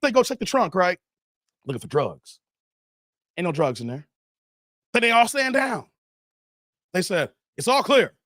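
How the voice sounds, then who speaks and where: A man from Chicago hosting a casual livestream, telling a story with animated acted-out voices and talking straight to his viewers. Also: sits high, unhurried, long pauses, no echo, clean studio sound. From Chicago, USA. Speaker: livestream host.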